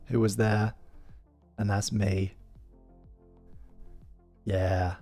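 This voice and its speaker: A man in his thirties hosting a live stream, chatting casually with joking, self-deprecating asides. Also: lowish voice. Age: 30s.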